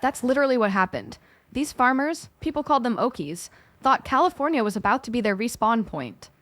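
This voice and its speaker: A woman's voice: on the high side, expressive, fairly quick, a bit bright, no echo. A woman co-hosting a scripted podcast, talking in a playful way full of gaming slang. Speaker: co-host.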